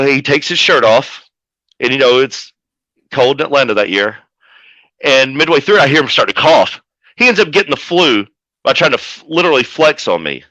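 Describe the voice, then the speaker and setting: Bright-voiced man telling a profane brawl story. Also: medium pitch, dry recording, lo-fi sound. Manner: profane, animated storytelling with acted-out quotes. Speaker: wrestling manager guest. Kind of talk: casual storytelling interview.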